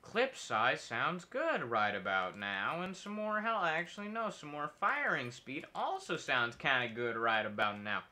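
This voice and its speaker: Young male streamer, slow and unhurried, very bright tone, goofy rambling commentary with nonsense noises. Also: on the high side, very animated. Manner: silly, rambling, talks to himself and enemies, nonsense noises. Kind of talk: casual gameplay commentary.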